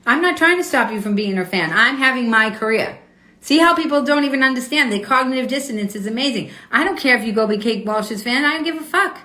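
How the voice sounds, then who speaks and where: A woman's voice: on the high side, lively intonation, quick pace, sharp tone. A woman hosting a live online talk show, arguing with her viewers in a confrontational, profane, indignant way. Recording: roomy echo.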